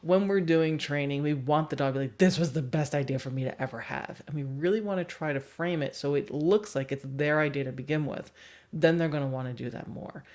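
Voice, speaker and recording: A woman's voice: sits low, darkish tone. A woman dog trainer explaining a training lesson on a livestream, asking the viewers questions and laughing often.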